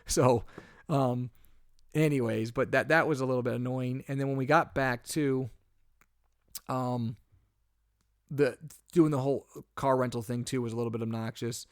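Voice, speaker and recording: A young adult man co-hosting a podcast, telling a travel story in casual chat and growing animated and exasperated as it goes. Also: normal speed, pauses often, no room sound, studio quality. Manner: animated storytelling, gets louder and higher when exasperated. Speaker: podcast co-host.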